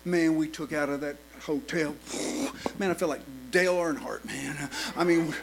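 A middle-aged man preaching a sermon, telling a story with animated swings between hushed and loud delivery. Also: fairly high pitch, normal speed, creaky, slight background noise, low-quality recording.

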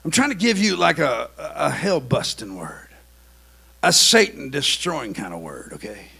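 Gravelly high-voiced preacher man. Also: very animated, unhurried. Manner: swings from quiet confiding to loud shouted preaching. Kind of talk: sermon.

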